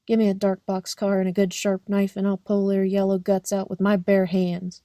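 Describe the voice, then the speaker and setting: An old male hobo shouting wild threats about the police, read aloud by a woman. The voice is mellow and soft-edged rather than sharp. The recording is close and dry, like a storybook reading. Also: medium pitch, completely flat delivery, moderate pace, no echo, natural voice. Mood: raging.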